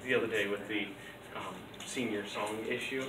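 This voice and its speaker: A man's voice: lowish voice, fairly even intonation, moderate pace. A male teacher talking casually to his class, rambling with many ums and restarts. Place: school classroom. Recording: echoey classroom with loud background noise.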